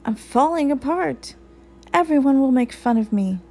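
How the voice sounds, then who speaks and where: A woman voicing a worried young skeleton boy who keeps falling apart, speaking in a high, drawn-out way. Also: big pitch swings, vocal fry, soft background music, full character voice.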